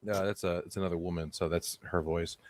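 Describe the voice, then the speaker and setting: A man with a low voice tells comedic stories on a podcast, animated and quick to laugh. The sound is dry and close, with no room echo. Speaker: podcast co-host. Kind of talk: comedic storytelling chat.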